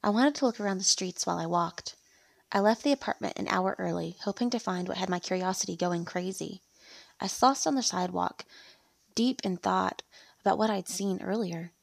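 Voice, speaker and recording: Gravelly woman reading a romance story. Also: medium pitch, moderate pace, no echo. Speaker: narrator.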